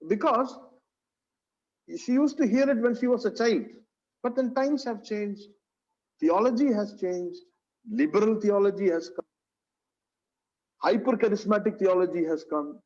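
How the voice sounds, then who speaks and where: A man's voice: sits high, unhurried, long pauses, a little mellow. A man teaching a Bible study, earnest, repeating phrases and saying "you know" often. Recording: dull lo-fi sound.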